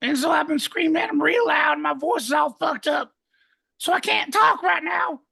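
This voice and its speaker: A man voicing a rowdy male party guy who phones in, hoarse from screaming and shouting every line. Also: very high-pitched, normal speed, full character voice. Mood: hyped. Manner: shouting, hyped, raspy.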